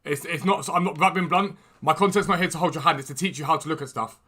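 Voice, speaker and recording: A man hosting a gaming livestream, chatting quickly and enthusiastically as he trades and answers questions from chat. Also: fairly high pitch, sharp tone. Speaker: gaming streamer and video host. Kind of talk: casual livestream chat while trading in a football game. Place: room at home with a door.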